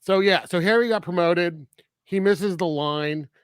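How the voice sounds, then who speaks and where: A man's voice: sits high, measured pace, clean tone, no room sound, clean studio sound. A man co-hosting a casual film review podcast, laughing often as he jokes. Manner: laughs often, animated and joking. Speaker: podcast co-host.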